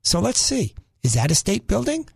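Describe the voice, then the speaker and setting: A man's voice: sits high, huge pitch swings, normal speed, gravelly, husky, no echo. Middle-aged guy from the northeast hosting talk radio, sarcastic and emphatic, lots of ups and downs in his voice. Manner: sarcastic, emphatic, rhetorical questions. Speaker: fill-in radio talk show host. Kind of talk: opinionated talk radio monologue.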